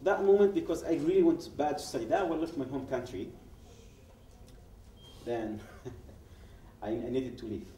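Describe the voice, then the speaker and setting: A man's voice: mid-range voice, a little slow, long pauses, warm tone, slight background noise. A man, a guest speaker giving personal testimony at a public event, telling it as a story. He acts out the dialogue he quotes and often restarts his sentences. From Yemen. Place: event hall. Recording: roomy hall, speaker far from mic.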